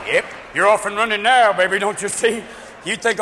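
A male stand-up comedian doing an animated, rapid-fire routine in a live venue, slipping in and out of voices. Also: high-pitched, a little hiss or hum. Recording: live club mic, echoing hall, crowd.

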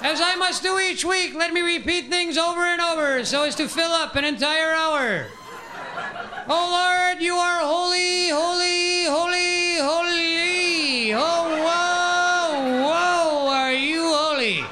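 A man's voice: extremely high pitch, takes it slowly, voice pushed up. A man putting on a droning sing-song priest. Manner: pompous sing-song preaching, repetitive. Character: droning, frustrated middle-aged male priest. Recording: live audience laughter and room noise.

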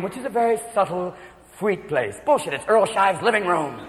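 A man performing a manic stand-up routine, jumping into shouted character voices before a live audience. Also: high voice, lively intonation, normal speed. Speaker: stand-up comedian. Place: large theater stage. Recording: live hall with loud crowd and noise. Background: audience laughter.

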